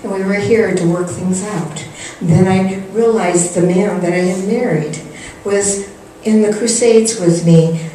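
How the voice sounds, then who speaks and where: A woman's voice: mid-range voice, fairly even intonation, measured pace, dark tone. An older woman giving a spiritual talk and earnestly telling a personal story, acting out the quotes. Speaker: spiritual teacher. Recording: echoey hall, distant mic, faint noise.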